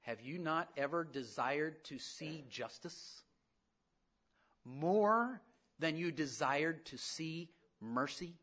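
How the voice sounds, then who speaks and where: A man preaching a sermon in an animated way, acting out the voices of the people he talks about. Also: on the high side, slow, muffled recording. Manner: animated preaching, acts out voices, rising to loud emphasis. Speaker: pastor.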